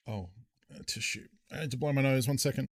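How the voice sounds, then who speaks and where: A man's voice: fairly high pitch, clean tone. A young Australian man chatting casually with his viewers while streaming a game, rambling and swearing lightly. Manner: relaxed, rambling, answers chat, swears casually. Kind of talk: casual live-stream chat.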